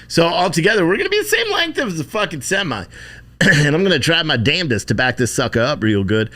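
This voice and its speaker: Male streamer, bright forceful voice, loose profane chat with viewers, rambling and offhand. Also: a little high, very animated, fast talker. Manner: profane, rambling, thanks donors by name. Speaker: livestream host.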